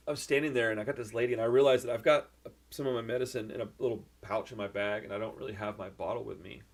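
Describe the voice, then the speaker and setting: A young man telling a rambling, excitable story in a casual vlog, full of fillers and restarts. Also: on the low side. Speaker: vlogger.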